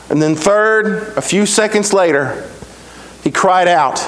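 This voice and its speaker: High-voiced preaching man, emphatic. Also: lively intonation, fairly bright tone, poor audio. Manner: preaching with emphatic repetition and dramatic pauses. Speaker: pastor. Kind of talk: sermon.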